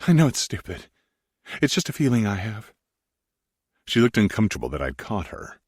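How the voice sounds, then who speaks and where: A man's voice: lowish voice, very animated, moderate pace, a little mellow, husky, dry recording, studio quality. A man narrating a first-person romance audiobook in an intimate, brooding way.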